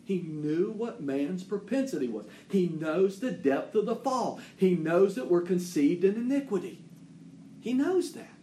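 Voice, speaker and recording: A man preaching a sermon in an echoey church room with faint noise behind him. His voice sits high for a man, and it climbs and drops between fervent proclamations and quiet, close asides to the congregation. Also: animated, a little slow. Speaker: pastor.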